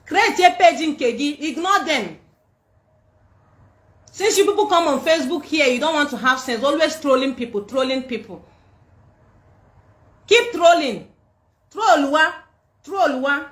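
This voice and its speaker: Speaking into a phone in an echoey room, this Nigerian livestream host scolds defiantly and says the same things again and again. Her high-pitched voice has lively intonation, a slightly slow pace with frequent pauses, and a touch of brightness.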